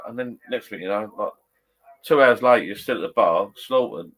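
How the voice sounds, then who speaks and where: A man with a lowish, slightly bright voice speaks at a moderate pace, chatting informally with live viewers from the bar in his garden shed. He rambles on like at the pub, correcting himself now and then.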